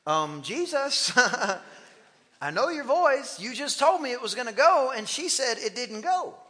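Male pastor preaching, emphatic and rhythmic, very high voice, long church hall reverb. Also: very animated, a little slow, bright, forceful tone. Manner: emphatic, repetitive, builds to rhythmic declarations. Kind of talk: sermon. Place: church sanctuary.

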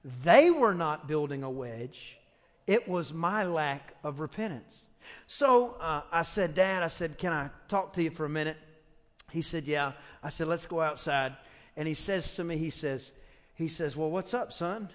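Animated Texan preacher in a reverberant hall. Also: male voice, fairly high pitch, unhurried. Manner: animated storyteller, quotes voices, shouts for emphasis. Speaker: pastor. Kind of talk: storytelling sermon. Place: church sanctuary.

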